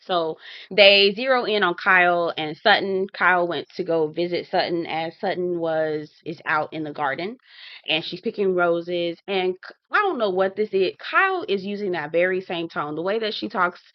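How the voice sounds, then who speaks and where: A woman's voice: lowish voice, normal speed, no echo. Chatty woman, dull dry audio. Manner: chatty, addresses viewers directly, acts out her own reactions. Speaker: TV reality show reviewer. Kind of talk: casual commentary to viewers.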